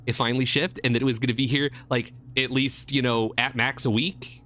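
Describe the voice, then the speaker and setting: A man chatting casually on a live stream, excitable, swinging from mumbles to squeals. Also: medium pitch, normal speed, faint music behind.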